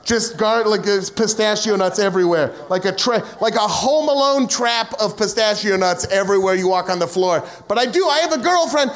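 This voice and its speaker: A man's voice: high voice, normal speed, few pauses, fairly bright tone. A young American man doing a stand-up set, rambling and self-mocking, with profane rants and acted-out asides. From United States. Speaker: stand-up comedian.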